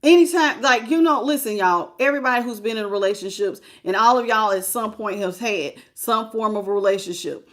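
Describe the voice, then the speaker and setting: A woman's voice: medium pitch, brisk, few pauses, fairly bright tone. A woman giving a casual tarot reading, talking bluntly in a colloquial, storytelling way and addressing her viewers directly. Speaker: tarot reader.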